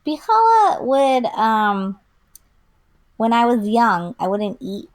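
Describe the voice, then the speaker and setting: Speaking slowly in a high-leaning voice, this woman co-hosts a podcast and chats casually. She's an animated storyteller who acts out what people said and leans heavily on fillers.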